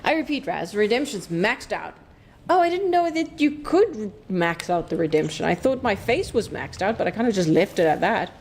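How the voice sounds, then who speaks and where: A woman's voice: medium pitch, sing-song, moderate pace, darkish tone, a little hiss or hum. A woman streaming a game, chatting away casually, playful, laughing often and swearing freely. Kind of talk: casual live-stream chat while playing.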